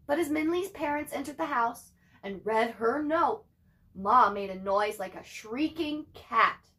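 A young woman, a teacher, reading a chapter book aloud to her class with animated, chatty asides to her students. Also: medium pitch, measured pace.

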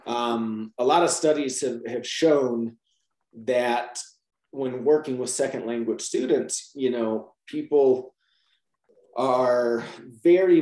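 A man's voice: mid-range voice, reverberant. A man explaining teaching methods to trainee teachers in a Q&A, often checking with "right?". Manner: lively, repeats "right?" to check understanding.

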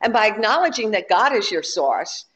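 A woman's voice: mid-range voice, big pitch swings, normal speed, fairly bright tone. A woman minister giving a sermon in a conversational, humorous way. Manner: conversational and humorous, telling jokes to the congregation.

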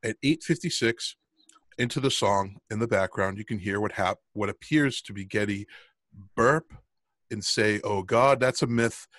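A man's voice: on the low side, moderate pace, fairly bright tone, no echo. A middle-aged man co-hosting a podcast in casual chat, rambling with lots of ums and restarts. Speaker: podcast co-host.

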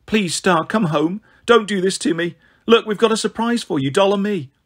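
Give me a man playing a distraught mother in a storybook, pleading in a raised, husky voice. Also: high voice, normal speed, voice pushed up. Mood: begging. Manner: pleading, emotional. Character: distraught, unstable adult mother pleading on the phone.

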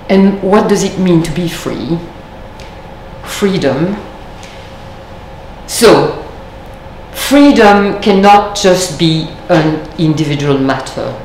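A woman speaks slowly and thoughtfully, giving a reflective lecture. Her voice sits a little low, and it rings in a reverberant lecture room with faint background noise. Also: animated, a little mellow. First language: French. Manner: measured, thoughtful, with deliberate pauses.

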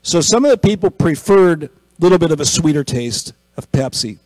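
A man's voice: fairly high pitch, animated, a little fast, a little mellow, dry recording, low-quality recording. A man preaching a conversational sermon, telling a story and acting out the people in it, then building to an emphatic exhortation. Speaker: pastor.

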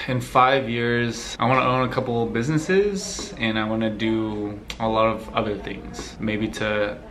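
A young man from the United States answering viewer questions in a relaxed, rambling way, laughing easily. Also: fairly low pitch, a little slow. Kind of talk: casual Q&A chat.

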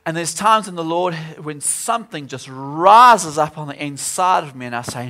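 A man's voice: a little high, lively intonation, normal speed, hardly any pauses, bright, forceful tone. Earnest man preaching in church. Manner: earnest, repeats words and restarts often. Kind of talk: sermon. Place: church service.

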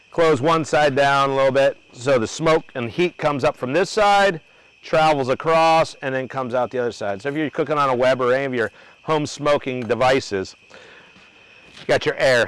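A man's voice: medium pitch, clean tone, low-quality recording. Man, grill host, easygoing banter, outdoor cooking demo. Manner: loose, joking, talks to crew and viewers.

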